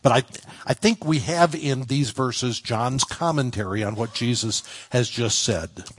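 Middle-aged male pastor, husky, mid-pitched, chatty sermon delivery with slow word-by-word emphasis. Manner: conversational, stresses single words with slow pauses. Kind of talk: expository sermon.

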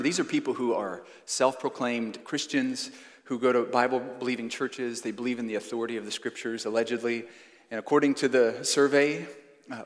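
A man in his thirties preaching a sermon, earnest and emphatic, slowing down to stress key phrases. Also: medium pitch. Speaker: pastor. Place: church sanctuary. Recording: long church hall reverb.

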